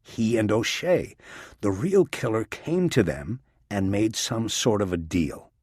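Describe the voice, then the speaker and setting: A man voicing a stubborn middle-aged male police detective in an audiobook, speaking flatly and insistently. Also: on the low side, measured pace, breathy edge, dry recording, clean studio sound.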